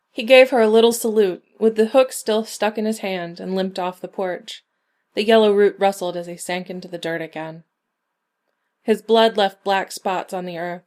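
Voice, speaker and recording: A woman narrating a short story in a measured, even reading. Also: medium pitch. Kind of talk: scripted narration.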